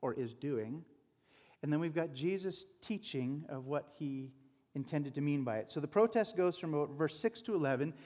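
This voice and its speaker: Male pastor, chatty and informal sermon delivery, slightly raised pitch, long hall reverb. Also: lively intonation, moderate pace, darkish tone. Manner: informal, chatty preaching with asides. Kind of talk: conversational sermon.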